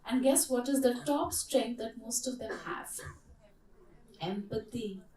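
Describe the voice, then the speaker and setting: In an echoey conference hall, a middle-aged woman leads a workshop, her voice fairly high and a touch slow. She tells animated stories and invites the audience to answer questions, though the mic picks her up from a distance.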